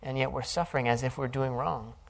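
Gravelly man giving an earnest sermon. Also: mid-range voice, fairly even intonation, fairly quick. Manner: earnest and reflective, explanatory. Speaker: Bible teacher.

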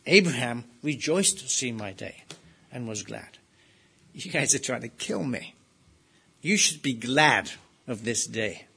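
A man's voice: mid-range voice, expressive, measured pace, vocal fry, pauses often, husky. A man preaching an expository sermon, asking his listeners rhetorical questions and pressing hard on key phrases. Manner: emphatic, rising to loud stresses on key phrases.

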